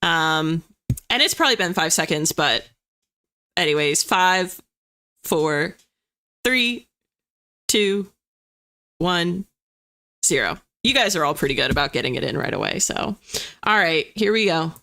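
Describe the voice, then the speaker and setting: A young woman hosting a casual livestream from her desk, reading the chat aloud and chatting excitably. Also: on the low side, a little slow, long pauses. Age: young adult. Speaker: livestream host. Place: home desk with a chair.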